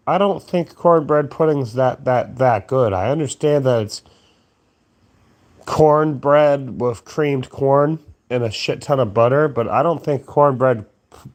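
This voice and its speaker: A sleepy man rambles into his phone outdoors late at night, drawling at a slow, unhurried pace. His talk meanders from topic to topic, peppered with swearing, and he keeps yawning as he winds down. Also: mid-range voice, darkish tone. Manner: slow, drowsy, profane, meandering. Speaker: vlogger. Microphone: phone camera.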